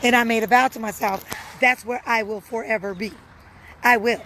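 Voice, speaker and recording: A woman's voice: a little high, fairly even intonation, normal speed, sharp tone, slight background noise, poor audio. Earnest woman talking straight to viewers. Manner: earnest, repeats phrases for emphasis. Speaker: live streamer answering viewers. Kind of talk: casual personal talk.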